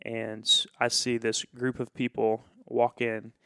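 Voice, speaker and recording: A man's voice: mid-range voice, monotone, slow pace, smooth, no room sound, clean studio sound. A man who is a pastor, telling a story in casual conversation and acting out the quoted dialogue with animation.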